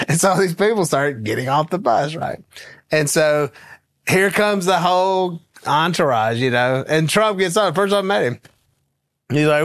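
Uomo del Sud degli USA, narratore alla buona, voce medio-alta, suono asciutto. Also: male voice, fairly high pitch, unhurried, pauses often, no echo, studio quality. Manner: animated, laughing, folksy storyteller. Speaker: guest. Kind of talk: casual storytelling anecdote.

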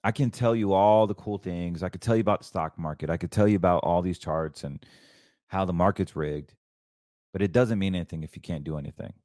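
A man's voice: deep voice, fairly quick, darkish tone, no room sound, clean studio sound. A man hosting his own show, talking about markets and faith in a fervent, preachy, rambling way with many restarts. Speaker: show host. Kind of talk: casual financial commentary.

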